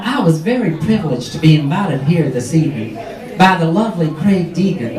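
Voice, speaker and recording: Man doing a catty drag queen host, sarcastic, sing-song swoops, echoey room, far from the camera, loud laughing crowd. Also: high-pitched. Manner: sarcastic, teasing, mock-haughty. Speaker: drag comedy performer. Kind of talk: live stand-up crowd work. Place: pub or club function room, live audience. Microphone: camera filming from the audience, far off. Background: audience laughter and chatter.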